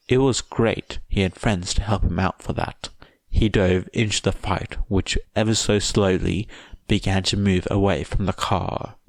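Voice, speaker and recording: Deep, slow male podfic narrator. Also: dry recording. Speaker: podfic reader. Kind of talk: scripted fan-fiction narration.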